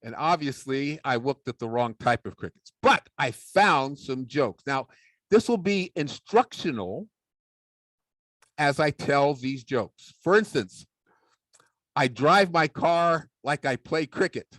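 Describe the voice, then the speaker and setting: A man's voice: fairly high pitch, expressive, takes it slowly, a bit bright, no echo. A man giving a humorous talk on public speaking, playful and mock-serious. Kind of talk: humorous speech with ventriloquism.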